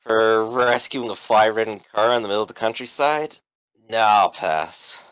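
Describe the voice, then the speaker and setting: A man's voice: fairly low pitch, fairly bright tone, clear, resonant tone, dry recording, natural voice. A man voicing a shaken, reluctant man who sighs, halts and mutters curses. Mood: grumbling. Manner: sighing, halting and muttering curses. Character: shaken, grumbling adult man, reluctant and sighing.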